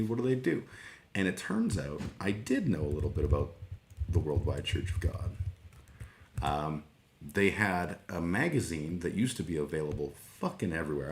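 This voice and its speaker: Very deep-voiced man chatting on a livestream. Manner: meandering, sweary, self-deprecating, many fillers. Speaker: livestream host. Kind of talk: casual rambling chat. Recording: roomy echo.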